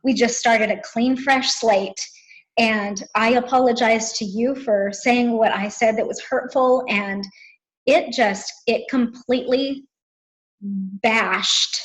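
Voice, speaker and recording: On a low-quality recording, a woman in her thirties, appearing as a guest, speaks slowly in a slightly high voice. She's having an earnest, emotional conversation with her best friend and frequently searches for the right words.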